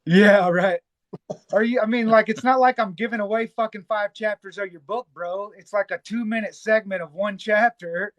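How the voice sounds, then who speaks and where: Excitable man from Memphis, dry sound. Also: sits high, moderate pace, dry recording. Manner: excitable, swears freely, laughs often. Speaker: live stream host. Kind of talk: casual chat.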